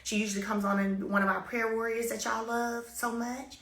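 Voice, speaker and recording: A woman's voice: fairly high pitch, flat delivery, fairly quick, gravelly, a bit bright, reverberant. A woman shares a personal story with her followers in an emphatic, repetitive way, with sudden bursts of energy. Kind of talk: casual spoken testimony to followers.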